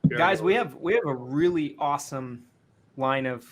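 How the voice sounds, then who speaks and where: A man's voice: on the high side, normal speed, a crowd in the background. A man hosting a live podcast over a video call, rambling as he sets up questions, with many fillers. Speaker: podcast host.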